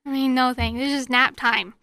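A woman's voice: sits high, steady tone, moderate pace, gravelly, pushed and bright. A teenage girl working as an intern, chatting in a laid-back, tired, dry way and reading out quiz questions. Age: teens. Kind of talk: casual chat, quiz questions.

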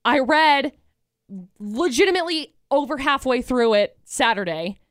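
A young woman co-hosting a podcast, chatting in an animated, gushing way with a lot of "like". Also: sits high, a little slow, no echo, clean studio sound. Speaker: podcast co-host. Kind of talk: casual chat.

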